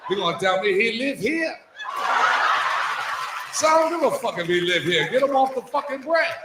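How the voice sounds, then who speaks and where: A brash male stand-up comedian with a high, animated voice performs a set on a comedy club stage, firing off profane stories and quick put-on voices and impressions. He's recorded live in an echoey club, with a crowd murmuring under every line and heavy background noise.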